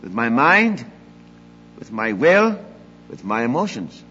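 Emphatic older preacher in a reverberant hall. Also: male voice, very animated, slow pace, dull audio, soft background music. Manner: emphatic, swings between loud declarations and low quiet asides. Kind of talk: sermon.

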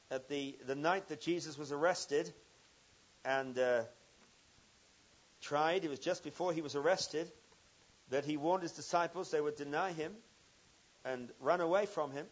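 A man preaching a sermon, telling a story with swings from loud emphasis to quiet intensity. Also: on the high side, lo-fi sound.

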